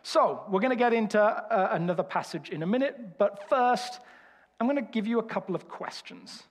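A man's voice: sits high, lively intonation, normal speed. A man from Birmingham with a Birmingham accent, preaching a sermon with humorous, self-deprecating storytelling. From Birmingham, England. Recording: reverberant hall.

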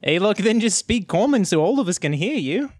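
A person playing a tabletop game, joking and animated with a lively, swinging pitch. The sound is dry and close, with no room echo. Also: a little fast. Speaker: player. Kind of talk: casual tabletop play.

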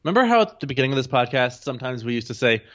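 A man co-hosting a podcast in casual chat, talking quickly and swearing casually. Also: mid-range voice, very animated, fairly bright tone, dull audio. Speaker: podcast co-host.

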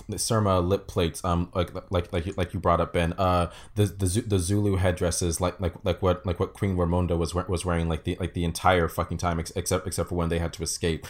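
A man's voice: deep voice, flat delivery, a little fast. A man chatting casually on a podcast, stumbling over repeated words and restarts, livening up when he quotes lines. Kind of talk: casual podcast film discussion.

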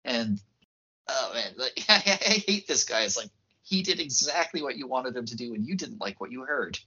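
Brief: male podcast co-host, animated storyteller, husky edge to his voice. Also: mid-range voice, normal speed. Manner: animated storytelling, laughs easily. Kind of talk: casual chat. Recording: muffled lo-fi podcast audio.

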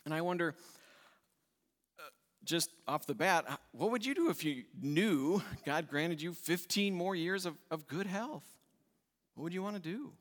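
A man's voice: a little high, lively intonation, measured pace, pauses often, a bit bright. A male pastor preaching a sermon with emphatic delivery, repeating key words in lists. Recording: long reverb in a church hall.

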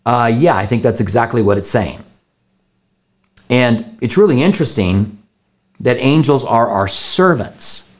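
Earnest pastor answering questions. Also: male voice, medium pitch, unhurried, long pauses. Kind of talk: live question-and-answer teaching.

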